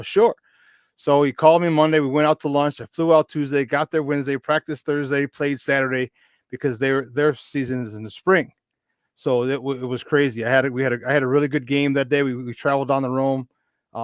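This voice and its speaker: A man's voice: mid-range voice, dry recording. Chatty man in his fifties, dry sound. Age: 50s. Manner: chatty, animated, with many restarts. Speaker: podcast guest. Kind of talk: casual storytelling.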